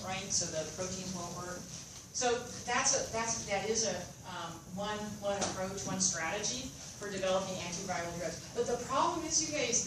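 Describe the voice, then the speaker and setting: A woman college instructor giving a microbiology lecture, talking to her students with many fillers and restarts. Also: mid-range voice. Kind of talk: classroom lecture. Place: lecture hall. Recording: very echoey lecture hall recording from far off with room noise.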